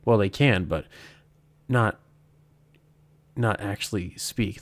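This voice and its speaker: Taking his time and pausing often, a lowish-voiced man who streams and reads horror stories chats loosely on a live stream. He wanders, self-corrects and chuckles frequently.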